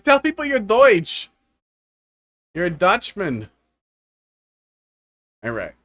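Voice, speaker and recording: Speaking at medium pitch with a slightly bright tone, an American man rambles through a live stream of viewer-made game levels. His commentary is casual and joking, and he laughs a lot.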